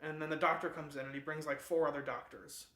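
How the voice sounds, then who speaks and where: A man hosting a book club gives a loose, rambling summary. His voice is bright and a little high. The room has a lot of echo. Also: little pitch movement, fast talker. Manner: rambling, lots of fillers and restarts.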